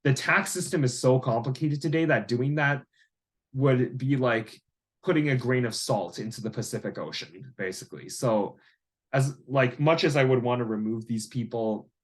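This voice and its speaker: Male vlogger, average pitch, casual rambling monologue. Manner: rambling, heavy use of "like" and "you know". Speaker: vlogger and landlord.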